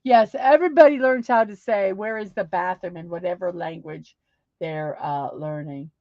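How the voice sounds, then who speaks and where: A woman's voice: lowish voice, moderate pace, no room sound. A woman hosting a casual livestream, chatting upbeat and reading viewer comments aloud. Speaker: livestream host. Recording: dull lo-fi sound.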